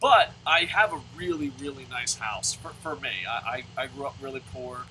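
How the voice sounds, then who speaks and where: A man's voice: mid-range voice, moderate pace, bright, forceful tone, a little hiss or hum. A man hosting his own channel, talking casually and rambling with frequent stammers and restarts. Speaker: channel host. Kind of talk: casual monologue.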